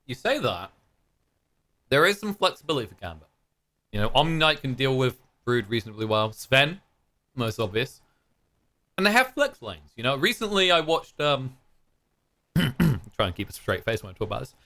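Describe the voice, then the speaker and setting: Bright, lively male esports caster. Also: mid-range voice, moderate pace, pauses often. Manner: jokey, playful banter. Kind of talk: casual game commentary.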